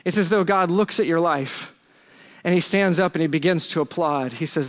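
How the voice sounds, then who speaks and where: High-voiced pastor in a reverberant church. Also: male voice, normal speed. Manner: conversational and self-deprecating, with playful asides. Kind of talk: sermon. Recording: long church hall reverb.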